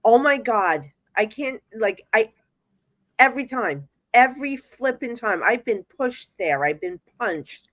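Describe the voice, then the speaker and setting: A woman with a New Jersey accent, a psychic medium guest telling ghost stories in casual chat, animated and acting out the voices she quotes. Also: on the high side, a little slow, no room sound.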